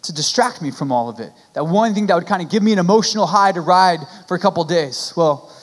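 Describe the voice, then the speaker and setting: An expressive young pastor, his voice strikingly high, delivers a fast sermon inside a church sanctuary where long hall reverb swallows the ends of his words. His tone is earnest and pleading, and he often restarts phrases and leans on casual filler words.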